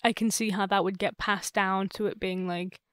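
A woman's voice: medium pitch, steady tone, moderate pace, no room sound, studio quality. A woman co-hosting a podcast in casual chat, playful, with jokey interjections. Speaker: podcast co-host.

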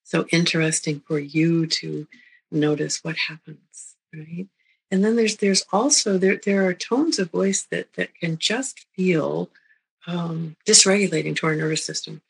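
A middle-aged woman, a therapist, giving a recorded lecture in a gentle, unhurried way, often checking in with the listener. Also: lowish voice, steady tone, creaky, slightly rough, poor audio. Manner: gentle, unhurried, repeats words and checks in with "right?". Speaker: therapist teaching a psychology talk.

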